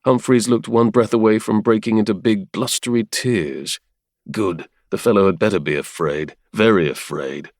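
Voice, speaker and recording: A man narrating a romance audiobook in a measured, even storytelling manner. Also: lowish voice, no echo, studio quality. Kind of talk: scripted narration.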